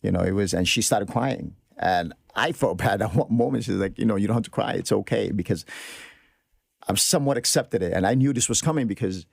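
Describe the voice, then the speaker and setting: A man's voice: fairly low pitch, fairly quick, creaky, slightly rough, no echo, clean studio sound. A man telling a personal story on a podcast in an earnest, reflective way. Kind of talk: casual podcast conversation.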